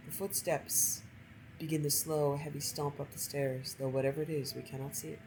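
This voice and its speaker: A woman gameplay streamer reading a story aloud from a game in a measured, expressive way. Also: low voice, a little hiss or hum, rough recording.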